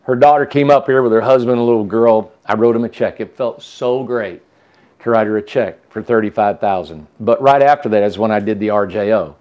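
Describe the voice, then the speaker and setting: A man's voice: fairly low pitch, a little fast, muffled recording. Rambling man telling a story. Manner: rambling, with restarts and asides. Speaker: host. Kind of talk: casual storytelling chat.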